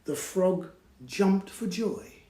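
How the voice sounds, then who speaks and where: A man reading a picture book aloud to children, animated, inviting them to join in and dropping to whispers. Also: sits high, drawn-out words, roomy sound, slight background noise, low-quality recording. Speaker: children's storyteller. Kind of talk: read-aloud storytime for children.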